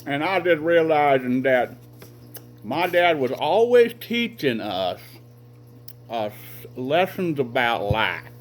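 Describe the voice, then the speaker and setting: Folksy middle-aged man, rambling family anecdotes, faint noise behind, mid pitch. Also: low-quality recording. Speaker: vlogger telling family stories. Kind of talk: casual personal storytelling.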